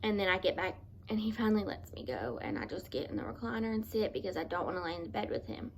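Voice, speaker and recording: A woman vlogger telling a personal story in an earnest, halting, confessional way, often restarting her sentences. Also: mid-range voice, animated, slight background noise.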